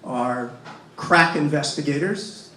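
A man speaking at a panel, emphatic and fond of rhetorical questions, with a voice pitched a little high. He is picked up from some distance in a reverberant room with a faint hiss behind him. The delivery is insistent and repetitive. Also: slow, pushed and bright. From Massachusetts, US. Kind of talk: impassioned panel talk. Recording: echoey room, mic from far off.

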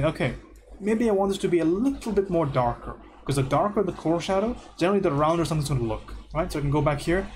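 A man's voice: mid-range voice, background noise. A man giving a casual, joking live painting lesson, often checking in with "right?". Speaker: art instructor.

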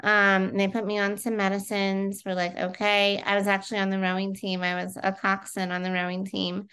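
A woman's voice: medium pitch, completely flat delivery, moderate pace, a bit bright, smooth. A woman in her thirties, a guest in a casual interview, telling her own story in a chatty way with frequent fillers.

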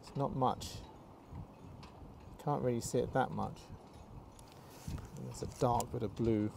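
Man painting outdoors in loud wind. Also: mid-range voice, steady tone, gravelly. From Scotland. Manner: talks to himself while painting, halting and repetitive. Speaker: plein air painter. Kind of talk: casual painting commentary. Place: outdoors by a harbour on a windy day. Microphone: wireless clip-on mic.

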